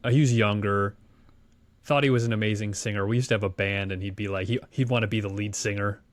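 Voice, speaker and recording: A man's voice: on the low side, fast, no echo. Guy on a podcast telling a story, acts out the quotes, dry close sound. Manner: animated storyteller acting out quotes. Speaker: podcast co-host. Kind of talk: casual storytelling chat.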